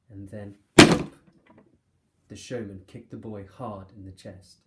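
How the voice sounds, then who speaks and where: A male teacher reading a children's novel aloud with steady, expressive storytelling. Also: on the low side, normal speed. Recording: echoey room.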